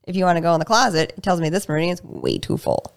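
A woman's voice: very fast, gravelly. A woman guest in a casual interview, talking about her work and acting out patient conversations in livelier voices. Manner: animated, acts out patient dialogue in higher voices. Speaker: guest practitioner.

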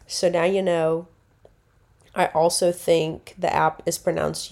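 A woman's voice: on the low side, little pitch movement, slow pace, gravelly, a little mellow. A woman, hosting a casual solo podcast and rambling chattily, correcting herself as she goes. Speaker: podcast host.

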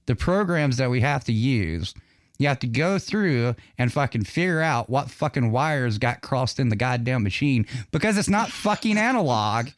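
A man's voice: mid-range voice, big pitch swings, moderate pace, no echo. Man, show host, furious profane rant, dry close mic. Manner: profane, angry ranting. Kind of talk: casual live online radio show chat.

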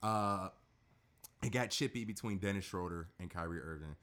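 A man's voice: low voice, normal speed, fairly bright tone. A man hosting a casual sports podcast, rambling with fillers and swearing freely.

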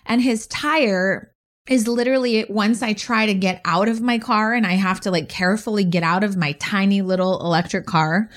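A woman co-hosting a podcast, telling a story in an animated, exasperated way. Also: mid-range voice, normal speed. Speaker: podcast co-host. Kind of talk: casual storytelling chat.

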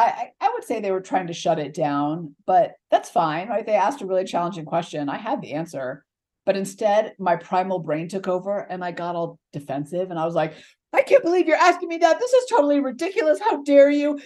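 A woman's voice: on the low side, a little mellow. A woman hosting a podcast, giving a motivational talk in a conversational storytelling way with asides. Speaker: podcast host.

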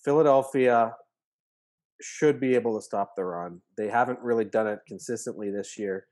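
A man joining a sports podcast as a guest, reasoning through his pick in a measured way. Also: lowish voice, a little mellow. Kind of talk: casual sports talk.

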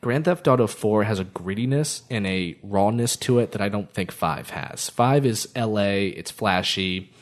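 Man, casual chat, enthusiastic rambling storyteller, deeper voice. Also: normal speed, few pauses.

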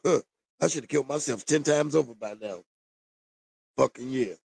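A man's voice: medium pitch, moderate pace, creaky, a little mellow, breathy edge, no room sound, clean studio sound. A man ranting to the camera in a blunt, profane, preachy monologue. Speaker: vlogger. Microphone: camera mic.

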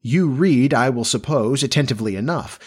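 Male narrator for a period novel audiobook, measured and steady, mid-pitched. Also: husky. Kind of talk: audiobook reading of a classic novel.

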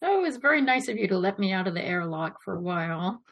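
A woman guest on a podcast, playful and quick to laugh. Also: mid-range voice, big pitch swings, dull audio. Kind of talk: casual chat.

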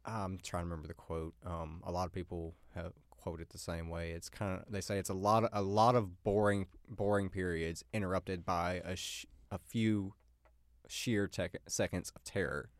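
A man's voice: sits low, fairly even intonation, normal speed, no echo. A young man talking casually as a podcast guest, laid-back with dry humor. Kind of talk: casual chat.

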